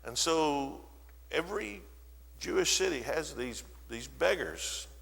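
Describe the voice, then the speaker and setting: A man preaching a sermon in a church, telling a Bible story with animated, dramatic delivery and briefly voicing the people in it. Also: a little high, takes it slowly, creaky, long reverb tail. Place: church sanctuary.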